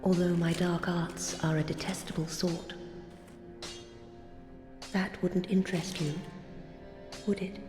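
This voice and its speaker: A slow, secretive woman sorcerer. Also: fairly low pitch, little pitch movement. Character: mysterious woman sorcerer, dark-arts teacher. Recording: game audio, echoey with music.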